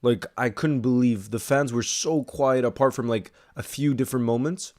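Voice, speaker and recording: A young man at a mid pitch, talking loosely through a live match stream while he answers viewer messages. He stays casual and chatty, then breaks into excited shouts when something big happens. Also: moderate pace. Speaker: football streamer reacting live. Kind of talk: casual live watch-along chat, reading viewer messages.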